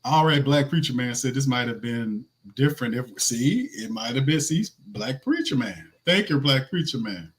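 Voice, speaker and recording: A man's voice: mid-range voice, sing-song, moderate pace, hardly any pauses. A man hosting a sports podcast in casual talk, who argues his points emphatically and repeats them for stress. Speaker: podcast host.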